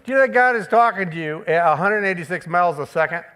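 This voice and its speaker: A man preaching a sermon. He speaks emphatically, repeats key phrases for stress, and moves between forceful declarations and playful asides. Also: sits high, animated, fast, clean tone.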